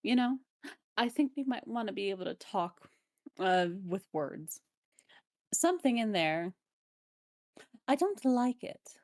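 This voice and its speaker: A woman voicing a sly, fussy goblin spellcaster in a tabletop game, with theatrical, drawn-out lines. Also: fairly high pitch, expressive, no room sound, studio quality. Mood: wary.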